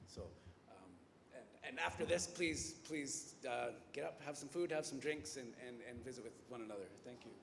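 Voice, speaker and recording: Gravelly host in an echoey hall. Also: male voice, medium pitch, lively intonation. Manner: halting, repeating words. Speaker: event host. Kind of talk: closing announcements. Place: lecture hall. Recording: echoey hall with room noise.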